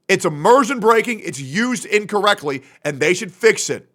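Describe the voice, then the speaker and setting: A young man streaming his reactions, blunt and profane in his opinions. His voice is bright and forward, swinging widely in pitch as he rants. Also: sing-song, normal speed, few pauses. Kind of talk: casual reaction commentary.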